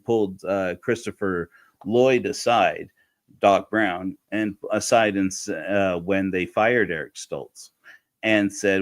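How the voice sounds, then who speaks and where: A man with a lowish voice tells a story in a casual, meandering way. He restarts sentences and corrects himself as he goes. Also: slow pace. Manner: rambling, frequent restarts and self-corrections. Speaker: speaker giving a talk.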